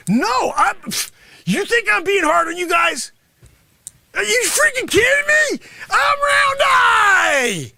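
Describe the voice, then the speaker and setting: A man doing a shouting, bragging karate sensei. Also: extremely high pitch, vocal fry, no echo, exaggerated voice. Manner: boastful, berating, yelling at students. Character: brash greedy male martial arts sensei. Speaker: improv comedian. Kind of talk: improvised comedy character monologue.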